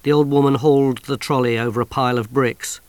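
Guy narrating an audiobook, wry and expressive, mid pitched, dry close mic. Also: fairly quick, no echo.

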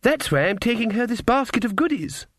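Man reading as a little girl, cheeky and insistent, high piping voice, storybook. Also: big pitch swings, a little fast, dry recording, clean studio sound. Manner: bold, teasing, insistent. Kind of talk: audiobook character voice.

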